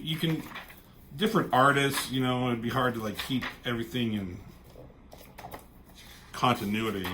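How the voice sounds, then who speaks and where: A man's voice: medium pitch, background noise. A man reviewing a comic book in casual, rambling chat, swearing offhandedly and trailing off into asides.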